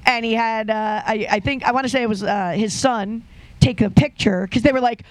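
A man's voice: sits high, steady tone, moderate pace, clean tone, no room sound, rough recording. A man co-hosting a radio show, chatting casually and rambling through a story. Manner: rambling storyteller with restarts and quoted asides. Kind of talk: casual chat.

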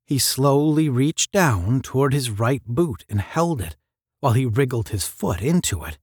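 Slow, expressive male storybook reader. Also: mid-range voice, husky, dry recording, studio quality. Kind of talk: audiobook narration.

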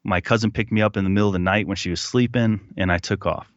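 Low-voiced man telling a story. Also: quick pace, no room sound, dull audio. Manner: animated retelling, acting out quotes. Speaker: podcast guest. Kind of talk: casual storytelling.

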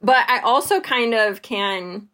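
A podcast co-host with a slightly high, sharp-toned voice talks slowly and casually about a book. She's chatty, uses lots of fillers, and acts out the lines she quotes.

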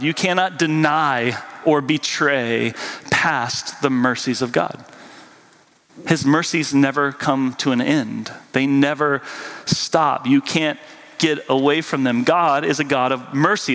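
A man's voice: mid-range voice, a bit bright. Guy preaching casual style, lots of "like" and "right?", voice rings out in a big reverby church. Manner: chatty, peppered with "like" and "right?". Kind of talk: casual conversational sermon. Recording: long hall reverb.

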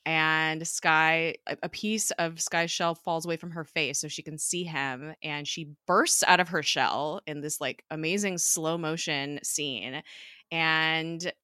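A woman's voice: deep voice, steady tone, slow, pushed and bright, smooth, dry recording, studio quality. A woman co-hosting a podcast, recapping an episode in a casual, chatty way, with plenty of fillers and frequent laughs. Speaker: podcast co-host.

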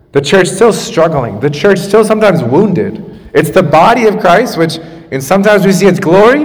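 A man pastor in his thirties preaches in a casual, chatty way, full of asides and restarts. His voice sits a little high for a man. It rings out with the long reverb of a church hall. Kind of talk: sermon. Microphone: makeshift microphone after the main one broke.

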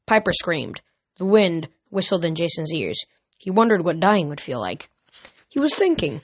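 A woman reading a storybook aloud at a steady pace, with small slips and self-corrections. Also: fairly low pitch. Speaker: reader. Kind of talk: amateur audiobook reading.

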